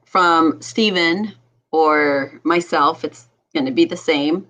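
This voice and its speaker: Lower-pitched woman hosting a health talk. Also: slow, rough recording. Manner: animated, passionate, laughs often. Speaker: health show host, doctor. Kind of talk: casual talk show chat.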